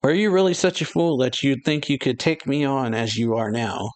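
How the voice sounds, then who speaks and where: A man's voice: mid-range voice, expressive, moderate pace, smooth, natural voice. A man voicing a cold, calculating, powerful male vampire father. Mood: menacing.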